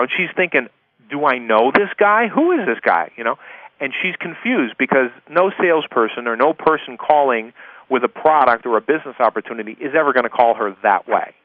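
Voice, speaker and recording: A man's voice: medium pitch, expressive, a little fast, no room sound. Male sales coach, chatty and repetitive, thin phone-line sound, dry. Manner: chatty, repeats key points, checks in with "okay?". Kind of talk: conversational recorded course lesson.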